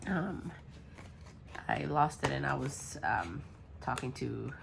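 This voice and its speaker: A woman's voice: extremely low pitch, expressive, slow pace, gravelly, background noise. A woman chatting casually while crafting a journal, rambling with lots of ums, her voice worn and congested from being sick. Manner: rambling, full of ums, muttering while working.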